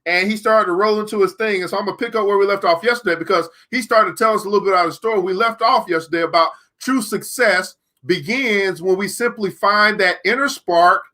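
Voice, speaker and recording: Male book club host, bright, high voice; emphatic, slow-repeating, sarcastic motivational talk. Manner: emphatic, repeats key lines slowly for effect; sarcastic, laughs between points. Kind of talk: live-streamed motivational book discussion.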